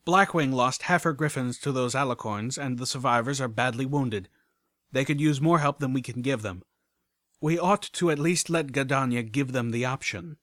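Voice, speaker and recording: A man's voice: mid-range voice, moderate pace, fairly bright tone, no echo, studio quality, close to an everyday voice. A man voicing a small, determined young female unicorn who talks earnestly and urgently.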